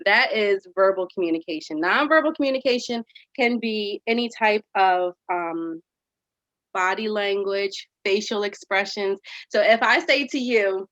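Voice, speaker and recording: An upbeat woman teaches children in a virtual after-school lesson, with lively delivery and a mid-range voice. The recording is slightly dull and dry, with no room echo. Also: mid-range voice, unhurried. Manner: upbeat, animated, reads passages aloud.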